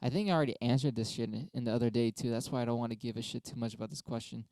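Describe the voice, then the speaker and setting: A young man rants his way through debate prompts on his own stream, swearing freely and arguing both sides. His voice is dark and smooth, and it sits dry and close to the mic. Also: mid-range voice, rapid-fire, no echo. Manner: profane, rambling, argues both sides with himself. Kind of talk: casual solo monologue.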